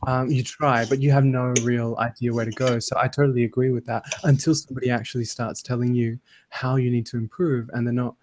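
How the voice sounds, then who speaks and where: A man's voice: mid-range voice, level tone, brisk, darkish tone, a little hiss or hum. Laughing, enthusiastic man, a voice actor. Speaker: voice actor guest. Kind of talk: casual group chat on a live stream.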